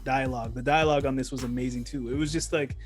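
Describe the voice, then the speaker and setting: A man co-hosting a podcast, chatting casually about movies, animated and laughing often as he acts out scenes. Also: mid-range voice, quick pace, soft background music. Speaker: podcast co-host. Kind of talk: casual movie review chat.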